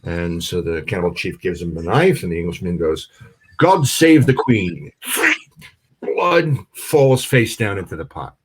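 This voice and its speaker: A man's voice: low-pitched, big pitch swings, normal speed, slightly rough. A middle-aged man, a comedian telling a joke and chatting casually with many fillers. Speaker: comedian guest. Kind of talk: casual storytelling chat.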